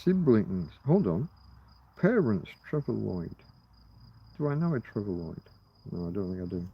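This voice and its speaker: A man's voice: on the low side, sing-song, a little slow, gravelly, husky, muffled recording. A middle-aged man hosting a casual livestream outdoors at night. He rambles, muses aloud and swears offhandedly. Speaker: livestream host.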